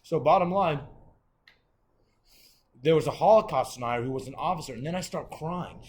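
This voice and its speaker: A man's voice: a little high, moderate pace. A man telling a rambling, profane story as a guest in a casual chat.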